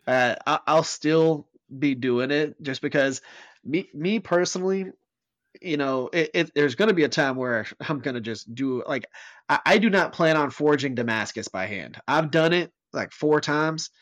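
A man's voice: fairly high pitch, animated, moderate pace, fairly bright tone. A man with a Southern US accent, a guest knife maker in casual chat, chatty and self-deprecating.

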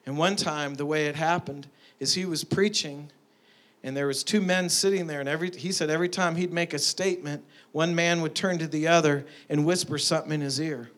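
Animated preacher man telling stories. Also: a little high, a little fast. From Tulsa, Oklahoma. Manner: lively storytelling with rising emphatic peaks. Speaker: pastor. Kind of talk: sermon with storytelling.

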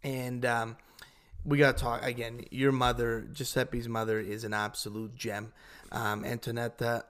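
A young man hosting a podcast, chatting casually and telling stories in an animated way. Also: medium pitch. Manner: animated storytelling with laughs. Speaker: podcast host. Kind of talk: casual interview chat.

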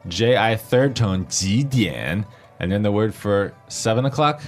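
A man's voice: lowish voice, moderate pace, faint music behind. A man hosting a language lesson who patiently explains grammar and spells out pinyin letter by letter.

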